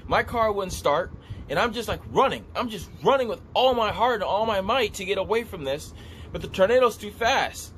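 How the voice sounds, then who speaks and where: A man telling a vivid dream story in a casual, animated way, repeating himself as he describes what he saw. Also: high-pitched, moderate pace, a little hiss or hum. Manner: animated, repetitive, gestures while describing. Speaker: vlogger recounting a dream.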